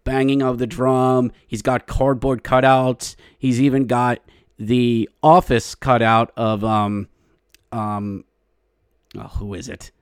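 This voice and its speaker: A man hosting a podcast, giving a casual, jokey hockey recap that turns into excitable play-by-play. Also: medium pitch, takes it slowly, clear, resonant tone, no echo, clean studio sound. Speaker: podcast host.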